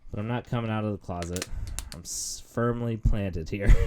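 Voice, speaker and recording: A man's voice: lowish voice, unhurried, slight background noise. A young man hosting a podcast, talking in a casual, rambling rant with lots of fillers and self-mocking asides. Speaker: podcast host. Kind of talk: casual ranting monologue.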